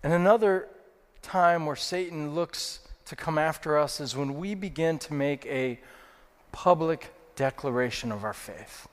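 Male lead pastor, sermon delivery, slightly high voice, long hall reverb. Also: unhurried. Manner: storytelling with repeated phrases and fillers.

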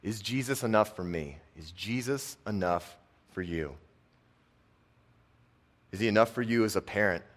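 Casual man preaching, soft-spoken drops. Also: lowish voice, unhurried, pauses often. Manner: casual and conversational, many fillers, drops soft on key lines. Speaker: preacher and football coach. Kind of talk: sermon.

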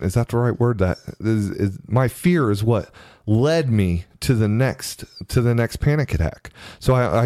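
A man earnestly telling a personal story in a halting way, often repeating his words. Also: fairly low pitch, mellow, no echo, studio quality. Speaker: storyteller sharing his experience.

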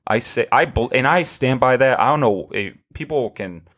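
A man's voice: medium pitch, moderate pace. A man hosting a casual podcast chat, telling long rambling stories with many restarts. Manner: rambling, animated storytelling with many restarts and laughs. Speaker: podcast host.

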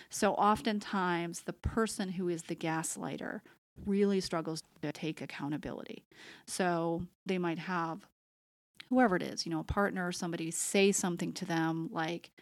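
Middle-aged woman, podcast host, lowish voice, dry close sound, explains patiently, acts out quotes. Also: moderate pace, dry recording. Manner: acts out quoted phrases in a shifting voice. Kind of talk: explaining a concept conversationally.

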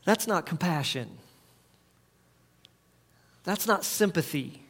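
A man's voice: high-pitched, animated, takes it slowly, fairly bright tone. A middle-aged man preaching a sermon in a conversational way, leading his listeners to repeat phrases back to him. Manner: conversational preaching, leads the audience in call-and-response. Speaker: pastor.

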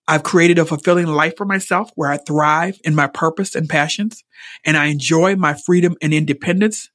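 A middle-aged woman hosting a podcast, speaking openly and earnestly about a personal experience, emotionally expressive and at times repeating herself when moved. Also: low-pitched, no room sound, studio quality. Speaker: podcast host. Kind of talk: personal reflective monologue.

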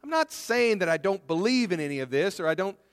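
A man's voice: sits high, animated, a little fast, smooth. A man preaching a sermon in a conversational way, often repeating words as he speaks. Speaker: pastor. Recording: long reverb of a church hall.

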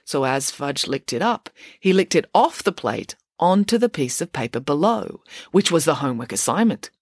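A woman's voice: low voice, very animated, moderate pace, slightly rough, no echo, clean studio sound, heavily acted. A woman voicing an unflappable, matter-of-fact young girl detective in a storybook reading. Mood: explaining.

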